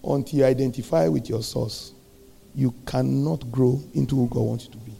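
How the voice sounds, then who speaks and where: A man preaching a sermon, animated, throwing rhetorical questions at the congregation and swinging between loud and soft. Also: medium pitch, moderate pace, gravelly, slightly rough.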